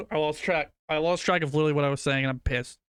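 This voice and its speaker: A young man streaming to his chat, rambling through food debates and cursing casually. His voice is smooth and clear, recorded dry and close on a desk mic. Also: fairly high pitch, fast, fairly bright tone, dry recording. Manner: rambling, swears casually, argues food opinions.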